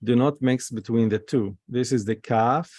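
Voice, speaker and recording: A man's voice: medium pitch, normal speed, warm tone, no room sound. A man teaching a Hebrew class over a video call, patiently spelling out letters and vowels.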